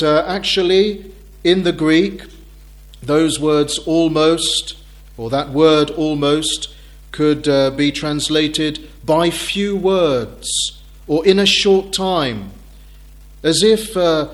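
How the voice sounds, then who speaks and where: A middle-aged man preaching a sermon in a measured, thoughtful way, with frequent hesitations. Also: on the high side, fairly even intonation.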